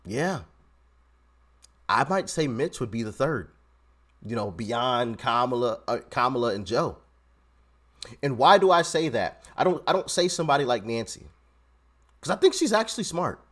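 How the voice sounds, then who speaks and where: A man giving casual, animated commentary on video clips, often repeating himself and laughing. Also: mid-range voice, normal speed, pauses often.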